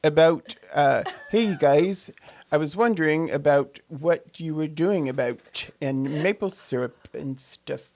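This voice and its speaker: A man doing a jokey stereotyped Canadian voice, slow and drawling. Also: on the high side, wildly swooping pitch, vocal fry, a bit bright, slightly rough, full character voice.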